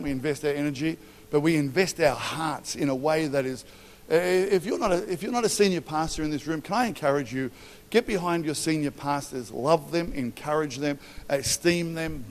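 A middle-aged man with an Australian accent preaching a sermon to leaders, animated and joking, acting out stories with quoted voices. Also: a little high. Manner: animated, storytelling with acted quotes and humour. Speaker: pastor. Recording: long hall reverb.

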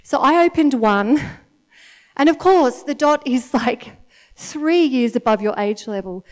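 A woman in her thirties with an Australian accent, giving a chatty, animated sermon to a congregation and often laughing. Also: sits high, measured pace. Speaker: church speaker. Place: church meeting in front of an audience.

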